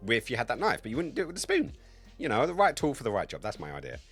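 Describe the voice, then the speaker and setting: Brief: male streamer, thirties, crude rambling humor, very animated pitch, faint music underneath. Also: very fast, breathy edge. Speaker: game streamer. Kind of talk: casual livestream chat.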